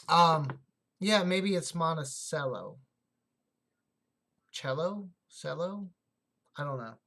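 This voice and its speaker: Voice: medium pitch, lively intonation, slow pace, pauses often, fairly bright tone, a little hiss or hum. A livestream host in casual chat, thinking aloud while sorting coins and answering viewer comments.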